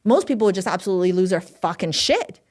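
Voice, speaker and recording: A woman, a manifestation coach, telling a story in a casual podcast chat, animated and swearing freely. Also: lowish voice, fast talker.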